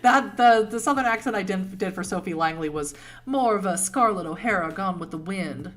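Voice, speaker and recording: A woman from Boston hosts a relaxed livestream in her Boston accent, replying to chat in a meandering way and often laughing. Her mid-range voice is animated and moves at a normal speed.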